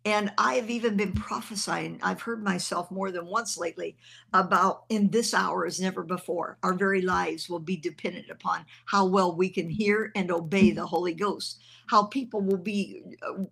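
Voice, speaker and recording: Older woman, minister, earnest testimony, gravelly voice, husky edge. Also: on the low side, fairly even intonation, normal speed, fairly bright tone. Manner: conversational and earnest, with fillers. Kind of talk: testimony storytelling.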